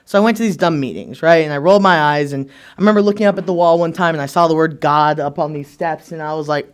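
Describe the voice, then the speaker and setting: A man's voice: fairly high pitch, quick pace, smooth. A man in his thirties telling a wry, sarcastic personal recovery story to a meeting and acting out other people's lines.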